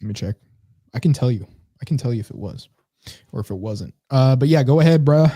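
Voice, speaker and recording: A man co-hosting a podcast, telling stories in an animated way and often breaking into laughter. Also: medium pitch, a little fast, husky, dry recording, studio quality. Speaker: podcast co-host. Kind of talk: casual chat.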